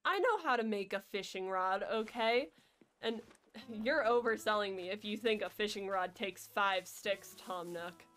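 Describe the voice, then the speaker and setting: A woman's voice: mid-range voice, unhurried, fairly bright tone. A woman streaming a video game, chatting casually and playfully with her viewers in a jokey, rambling way. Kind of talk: casual gameplay chat.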